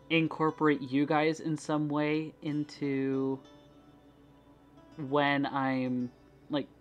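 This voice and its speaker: Young woman, Midwestern accent, speech impediment, low-pitched voice, frank and laughing, faint music behind. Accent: Midwestern American. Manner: laughing, frank, swears freely. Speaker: streamer. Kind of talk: casual stream chat.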